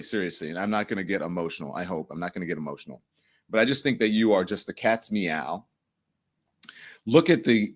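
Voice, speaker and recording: This live-stream host has a lowish, somewhat bright voice. He chats in a relaxed way, laughs often and reads viewer comments from what seems to be a home studio in an apartment.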